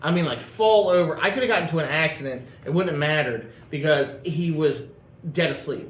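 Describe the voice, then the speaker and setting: A man's voice: on the high side, brisk. Rambling storyteller man in an echoey room. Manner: rambling, lots of fillers and restarts. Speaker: host telling a car story. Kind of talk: casual storytelling. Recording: echoey room with faint ambience.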